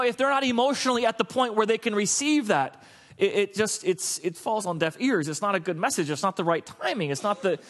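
A middle-aged man preaching a sermon as pastor, telling stories in an animated way and acting out the quoted lines. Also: high voice.

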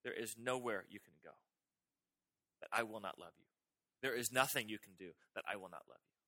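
Bright-voiced preaching man. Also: lowish voice, fairly quick. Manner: emphatic, repetitive preaching with rising intensity on key phrases. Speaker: pastor. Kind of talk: sermon.

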